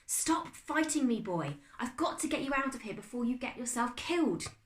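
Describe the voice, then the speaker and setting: A woman's voice: lowish voice, moderate pace, pushed and bright, roomy sound. A woman voicing a stern, urgent male butler giving orders in a storybook reading. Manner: urgent, commanding.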